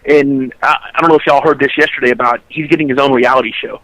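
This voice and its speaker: A man's voice: mid-range voice, steady tone, fast talker, a bit bright, no room sound, low-quality recording. A man, a podcast co-host telling a long story in casual chat, rambling and restarting his sentences.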